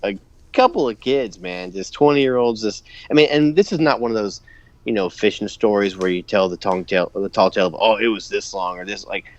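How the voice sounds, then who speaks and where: A man, co-hosting a podcast, ranting and joking in an animated, casual way. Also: lowish voice, no echo. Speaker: podcast co-host. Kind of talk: casual storytelling chat. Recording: dry, dull podcast recording.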